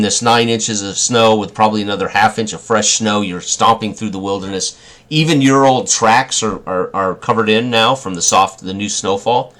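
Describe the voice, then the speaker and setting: Game master, male, low voice, halting scene narration full of fillers. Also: fairly bright tone. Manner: descriptive, hesitant with many fillers. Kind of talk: narrating a tabletop role-playing game.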